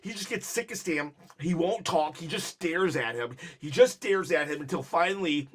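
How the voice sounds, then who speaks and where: High-voiced man in excitable casual chatter. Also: normal speed, slightly rough. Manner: animated and excitable, many fillers, laughs often. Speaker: wrestling vlog host. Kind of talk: casual commentary.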